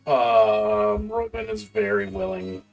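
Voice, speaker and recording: Speaking slowly in a high-pitched voice full of vocal fry and big swings in pitch, a male game master works through campaign prep on a live stream. He thinks out loud, muttering half-formed notes and swearing casually. Faint background music can be heard.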